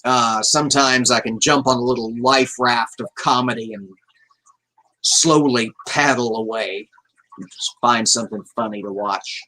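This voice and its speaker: A man's voice: mid-range voice, fairly even intonation, unhurried, bright, forceful tone, poor audio. A man hosting a casual livestream, rambling as he reads out chat messages and swears offhandedly. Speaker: livestream host.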